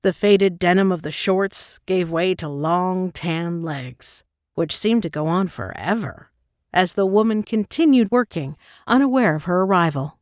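A woman reading scripted narration in a measured, descriptive way. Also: lowish voice, no echo, clean studio sound. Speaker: audiobook narrator.

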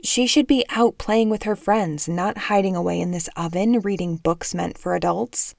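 A woman's voice: on the low side, moderate pace, creaky, a little mellow, no room sound, studio quality. A woman voicing an exasperated scolding mother. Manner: scolding, emphatic. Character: exasperated middle-aged mother, sharp-tongued and loud.

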